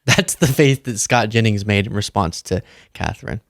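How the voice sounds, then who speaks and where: A man's voice: medium pitch, big pitch swings, moderate pace, a bit bright, dry recording. A man hosting an online political commentary show, with sarcastic, joking asides into a close mic.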